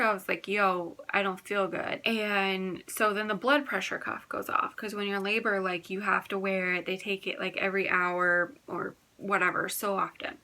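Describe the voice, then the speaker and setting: A woman's voice: mid-range voice, sharp tone. A young woman retelling her birth story in a casual, rambling way, full of "like" and quoted dialogue. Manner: fast, filler-heavy retelling with quoted dialogue.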